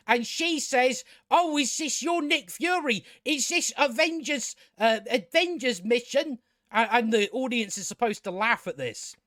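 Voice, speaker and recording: A man's voice: high-pitched, pushed and bright, no room sound, clean studio sound. A man ranting sarcastically about a movie, often stammering and restarting his sentences. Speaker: movie commentator. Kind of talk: casual opinion rant.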